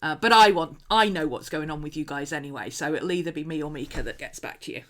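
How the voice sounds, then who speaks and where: A woman with a deep, fairly bright voice hosts a casual craft livestream from home, talking fast. She rambles chattily while she paints, laughing often and going off on asides.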